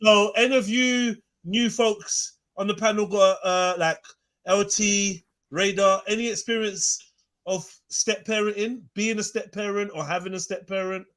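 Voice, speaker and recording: A man's voice: high-pitched, fairly even intonation, a little slow, fairly bright tone. A man hosting a live panel podcast, teasing and bantering with slang. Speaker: podcast host.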